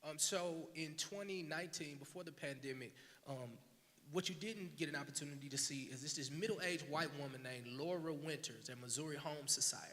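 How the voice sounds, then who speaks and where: A man, a filmmaker guest, telling his story in an animated, slangy and earnest way on a panel at a live event. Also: a little high, brisk. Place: large hall at a live event. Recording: reverberant hall, faint hiss.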